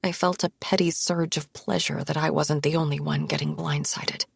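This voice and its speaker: A woman narrates a first-person psychological thriller in a hushed, tense, low-key voice with a gravelly, husky grain. The sound is close and completely dry. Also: fairly even intonation, normal speed, hardly any pauses, no echo. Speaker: audiobook narrator.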